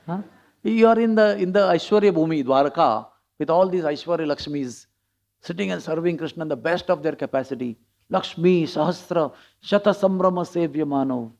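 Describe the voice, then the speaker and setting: Animated preacher. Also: male voice, a little high, fairly quick, vocal fry. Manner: storytelling, chuckling, acts out quotes. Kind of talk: scripture class sermon. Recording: dull lo-fi recording.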